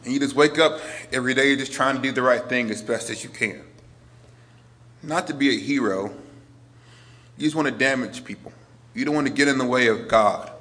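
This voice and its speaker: A priest in his forties preaching a sermon, earnest, moving between emphatic lines and hushed ones. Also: medium pitch, fairly quick, pauses often.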